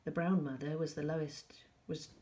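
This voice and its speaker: A woman teacher reading a novel aloud to pupils, calm and measured, with soft asides. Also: low-pitched.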